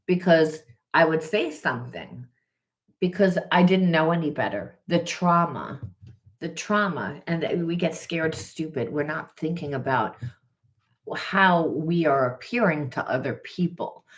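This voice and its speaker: A woman's voice: deep voice, unhurried. A woman spiritual coach talking through a tarot reading in an earnest, conversational way, often repeating herself. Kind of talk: casual tarot reading monologue.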